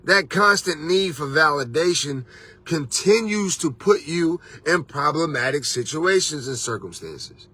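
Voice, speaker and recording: Husky, bright-voiced male life coach. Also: a little high, lively intonation, unhurried. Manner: preachy, repeats "you understand"; casual street slang. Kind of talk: motivational talk to camera.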